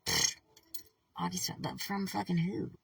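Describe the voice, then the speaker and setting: A woman talks straight to her camera in a casual vlog, her voice low-set, gravelly and bright. She swears constantly and sounds keyed up. She sits back from the microphone in a dry, dead room. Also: a little slow, no room sound, far from the mic, poor audio. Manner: heavy swearing, animated and worked-up. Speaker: vlogger.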